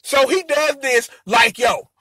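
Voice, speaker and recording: A young man reviewing a show episode in an animated, slangy rant, acting out the characters as he goes. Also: very high voice, normal speed, no echo. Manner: animated, slangy, acts out characters in quoted voices. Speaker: anime and tokusatsu episode reviewer.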